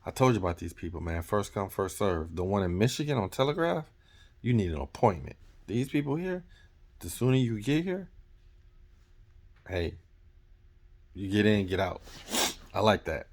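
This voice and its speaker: A man with a very deep, low voice, talking like a truck driver in a relaxed vlog. He wanders through his story and keeps backing up to correct himself. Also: moderate pace, pauses often. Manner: rambling, chatty, corrects himself often.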